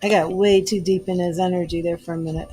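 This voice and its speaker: A woman's voice: fairly low pitch, fairly even intonation, fast talker, mellow, slightly rough, faint music behind, poor audio. A woman giving a live tarot reading, effusive and emotional, often laughing between thoughts. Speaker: tarot reader.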